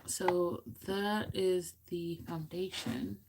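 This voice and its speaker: A woman's voice: fairly low pitch, very slow, background noise. A woman chatting casually through a makeup tutorial at home, giggly and full of goofy asides. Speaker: beauty vlogger. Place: home room.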